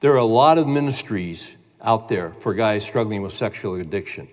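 A man's voice: lowish voice, expressive, moderate pace, a little mellow. An earnest male pastor preaches to a gathered congregation, his emphatic delivery rising in force as he presses his point. His voice rings out with a long hall reverb behind it. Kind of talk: sermon.

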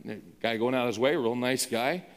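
A man's voice: mid-range voice, normal speed, long reverb tail. A male pastor preaching and telling a story in an emphatic, conversational way. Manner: emphatic, conversational, with frequent restarts. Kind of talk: sermon storytelling.

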